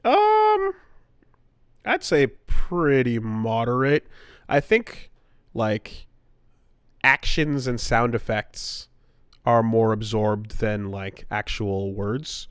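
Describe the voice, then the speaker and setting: A man's voice: lowish voice, slow pace, clean tone, no echo, clean studio sound. A man co-hosting a podcast in casual, laid-back chat, swearing freely. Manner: laid-back, swearing, slips into mock mobster voice. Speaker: podcast co-host.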